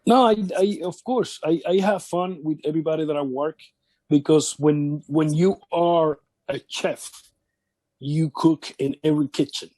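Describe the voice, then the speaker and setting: Man with a high voice telling wrestling stories. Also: a little mellow, dry recording. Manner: halting, repeats words, acts out quotes of others. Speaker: wrestling veteran interviewee. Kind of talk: casual shoot interview storytelling.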